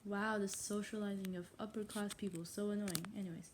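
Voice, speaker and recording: A woman's voice: mid-range voice, fairly even intonation, fairly quick, hardly any pauses, noisy background. A woman casually reading a novel aloud in a mock English accent, stumbling over old words and stopping to question how they are pronounced. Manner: playfully attempts a put-on English accent. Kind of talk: casual read-aloud with asides.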